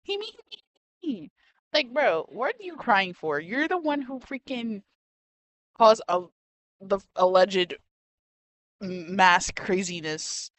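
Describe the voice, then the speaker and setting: A young woman streamer giving casual reaction commentary, animated and slangy, peppering her talk with "bro" and "freaking". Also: mid-range voice, slow pace, long pauses, no room sound. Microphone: desk mic.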